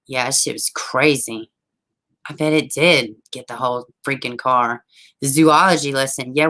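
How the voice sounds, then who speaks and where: Woman, low-pitched voice, livestream host, casual storytelling, swears freely, laughs a lot. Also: low-quality recording. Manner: animated, profane, laughing often.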